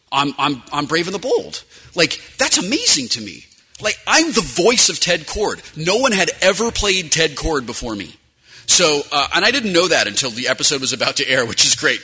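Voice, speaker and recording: A man who works as a voice actor, telling a rambling, animated, self-mocking story about his work. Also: medium pitch, slightly rough. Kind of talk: anecdotal storytelling.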